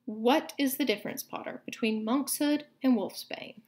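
A woman's voice: sits high, moderate pace, darkish tone, close to an everyday voice. A woman voicing a cold, contemptuous male potions teacher in a read-aloud storybook, speaking in cutting, sneering tones.

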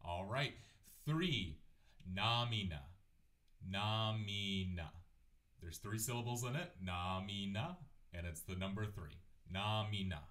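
A man teaching a language lesson, repeating words slowly and clearly. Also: fairly low pitch, a bit bright. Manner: clear, drawn-out repetition of words; sings numbers in a chant. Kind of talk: slow, patient language lesson.

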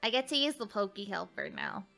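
A woman streaming a game, chatting casually with her viewers, giggling often and yelling at the game. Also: mid-range voice, sing-song, normal speed, gravelly, soft background music. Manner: giggly, greets chat, yells at the game. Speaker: VTuber streamer. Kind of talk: casual live-stream gaming chat.

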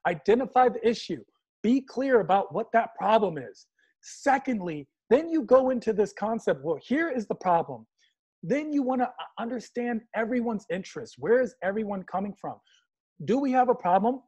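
A man's voice: high voice, husky. A man from Washington, D.C., speaking as a panelist on a video call, telling stories with humor and slipping into mock voices. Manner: animated storyteller, slips into mock voices. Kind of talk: casual panel talk with humor.

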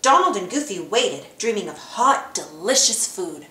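Woman storybook reader for children; expressive read-aloud, roomy sound. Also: medium pitch, normal speed.

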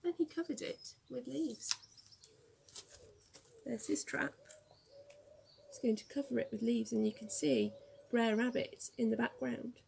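A young woman teacher reading a storybook aloud to children, gently explaining words along the way. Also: fairly high pitch, lively intonation, measured pace, gravelly, pauses often, slight background noise.

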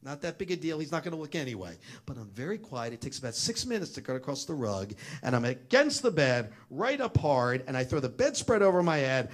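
A middle-aged man telling a family story as a talk, animated and acting out the voices of the people in it. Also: medium pitch, brisk, few pauses.

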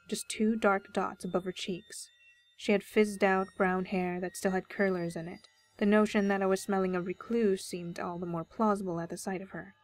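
A woman with a medium-pitched voice reads a first-person horror story aloud, keeping her storytelling steady and measured. Faint music plays in the background.

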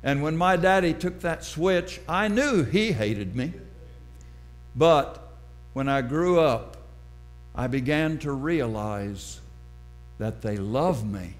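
A middle-aged man preaching a sermon, telling a personal story slowly and dramatically. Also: a little high, faint music behind. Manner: slow, deliberate, dramatic storytelling.

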